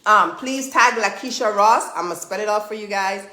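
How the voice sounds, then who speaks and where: A woman hosting a live stream as a trainer, chatty and energetic, driving her points home with repeated "okay?". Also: mid-range voice, normal speed, roomy sound. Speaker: host and trainer. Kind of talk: live-streamed motivational chat.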